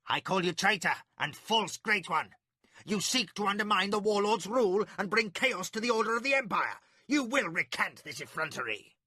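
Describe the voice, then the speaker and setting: A haughty court magician, loyal to his master, hurling a formal accusation, as a man puts him on in an audiobook. The voice sits higher than the narration and rings bright. The recording is dry and close. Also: lively intonation, normal speed, husky, dry recording, exaggerated voice. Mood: accusing.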